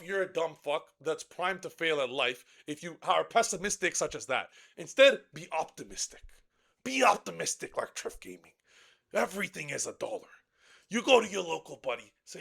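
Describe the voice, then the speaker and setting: Brash, high-pitched excitable man ranting. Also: normal speed, gravelly. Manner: profane, brash and excitable, shouting at times. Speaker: card game content creator. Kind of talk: ranting deck guide.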